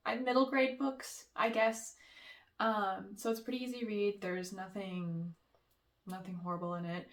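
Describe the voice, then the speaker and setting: A young woman chatting about her favorite books in a casual vlog, gushing and peppering her talk with "like" and "um". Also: medium pitch. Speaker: book vlogger. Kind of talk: casual book review chat.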